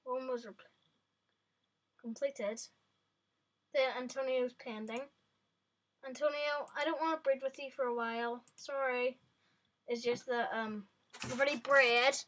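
Bright, high woman chatting excitedly through a game to her viewers. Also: a little slow, long pauses. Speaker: vlogger. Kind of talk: casual gameplay commentary.

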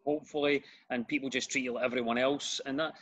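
A middle-aged Glaswegian man, a comedian and radio host, chatting as a podcast guest and telling animated stories with lots of restarts. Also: mid-range voice, quick pace, breathy edge. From Scotland. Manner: animated storyteller, repeats words when starting sentences. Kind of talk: casual interview chat.

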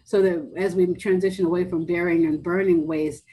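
A woman speaking at a policy briefing, talking quickly with many restarts and fillers. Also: on the low side, fairly even intonation, mellow, a little hiss or hum, poor audio.

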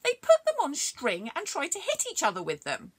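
A woman's voice: high voice, huge pitch swings, moderate pace, voice pushed up. A woman voicing a playful, talkative young male cat in a storybook reading. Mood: chatty. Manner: giggly, talkative, explaining.

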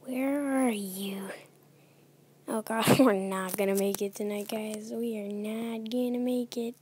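A woman's voice: mid-range voice, fairly even intonation, takes it slowly, a little mellow, a little hiss or hum. A young woman commentating a horror game as she plays, nervous and often dropping to a whisper. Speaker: let's play gamer.

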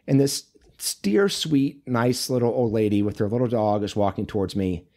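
A man, a men's coach and author, talking as a podcast guest in a relaxed, chatty way, full of fillers and storytelling. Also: mid-range voice, normal speed. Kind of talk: casual interview conversation.

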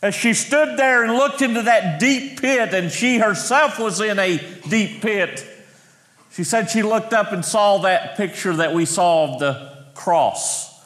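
A middle-aged man preaching a sermon, telling stories and slowing down to stress key words. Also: sits high, a bit bright. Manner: storytelling, slows for emphasis. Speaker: pastor. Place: church sanctuary. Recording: echoey church hall.

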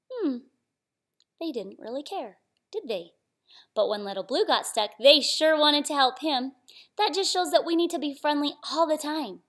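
Woman doing kids storytime, reads a picture book, high bouncy sing-song voice, asks the little ones questions. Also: a bit bright. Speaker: storyteller, channel host. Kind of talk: reading a picture book aloud to young children.

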